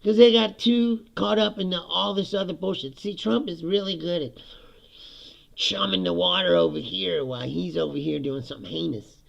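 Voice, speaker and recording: His voice sits high with vocal fry, at a moderate pace. Hosting his own podcast from a home basement studio, this man rants animatedly about politics, swearing freely and breaking into laughter often between lines.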